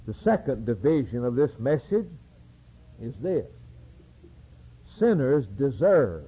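Male preacher, dramatic sermon, slow and husky. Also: medium pitch, sing-song, phone-quality sound.

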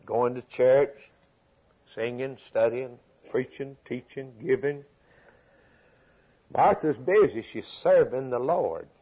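A man's voice: medium pitch, takes it slowly, long pauses, mellow, breathy edge, rough recording. A man preaching a sermon, emphatic and repetitive, asking the congregation rhetorical questions.

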